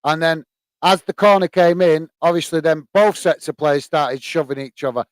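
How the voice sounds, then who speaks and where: The speaker is an English man whose voice runs high at a normal speed, with no room sound. Hosting a live football watch-along stream, he chats casually, gives loose commentary thick with fillers, and shouts at goals.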